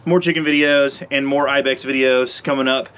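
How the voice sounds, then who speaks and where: A man's voice: medium pitch, steady tone, moderate pace, a bit bright, smooth. A man hosting his ranch vlog outdoors in the cold, a bit out of breath and talking in an easygoing, rambling way. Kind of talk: casual vlog talk to camera. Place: outdoors at a sheep pen in the cold.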